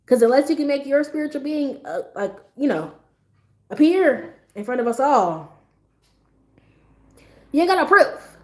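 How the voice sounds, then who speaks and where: A woman's voice: high-pitched, big pitch swings, unhurried, long pauses, darkish tone. A woman hosting a casual livestream, laughing often as she tells stories and answers her chat. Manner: laughs often, talks straight to chat, storytelling. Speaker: livestream host.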